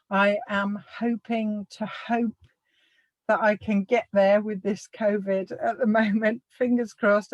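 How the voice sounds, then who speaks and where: A woman hosts a live workshop over a video call, chatty and upbeat as she promotes events. Her voice sits at a middle pitch and sounds dry and close, with no room around it. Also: darkish tone, no room sound, highs cut off. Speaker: workshop host. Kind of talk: live online workshop talk.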